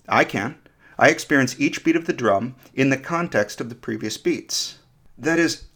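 A man's voice: medium pitch, fairly bright tone. A man hosting a podcast, giving a scripted, reflective explanation that often turns to ask the listener questions. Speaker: podcast host.

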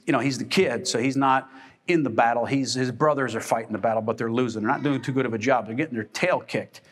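A man's voice: mid-range voice, a bit bright. A man preaching a sermon as pastor, emphatic and calling out for responses from the congregation. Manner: emphatic, with call-and-response questions. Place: church sanctuary.

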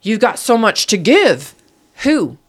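A middle-aged woman, a podcast guest, telling a painful personal story in an earnest, animated way. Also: fairly high pitch, takes it slowly. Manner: earnest, animated, acts out quoted voices.

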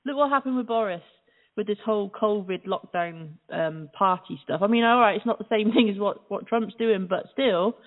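A woman's voice: mid-range voice, moderate pace. A British woman from the UK co-hosting a casual talk radio show, chatty and exclamatory. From United Kingdom. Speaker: co-host. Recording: tinny phone-line sound.

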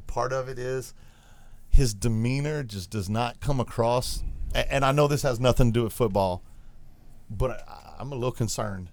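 Halting man hosting a sports show. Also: mid-range voice. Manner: rambling, halting, lots of restarts. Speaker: host. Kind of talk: casual sports talk.

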